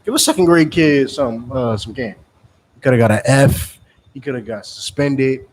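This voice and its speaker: A man preaching in a forceful, scolding way, repeating his points. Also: mid-range voice, animated, normal speed, slight background noise. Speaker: street preacher. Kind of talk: street-corner preaching.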